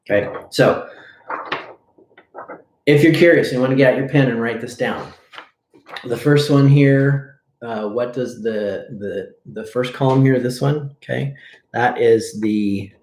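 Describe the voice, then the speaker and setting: A man with a somewhat low voice leads a live breathing lesson, explaining drills and demonstrating them as he goes. He keeps checking in with his listeners with a quick "okay?". The sound carries the echo of a bare room. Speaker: breathing coach. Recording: echoey room.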